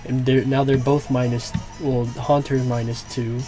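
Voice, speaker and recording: A young man, a gaming YouTuber, reacts live to his own gameplay in a medium-pitched, level, dark-toned voice at normal speed. He swears and groans at setbacks in frustrated outbursts, with faint game music behind.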